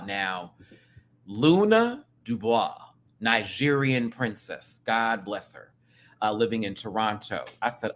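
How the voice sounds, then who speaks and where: Man reviewer, lively bright voice, loud highs and quick murmured asides, slangy rant. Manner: animated, swings from loud outbursts to low asides; playful drag slang, profanity. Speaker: show reviewer. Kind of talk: excited casual review rant.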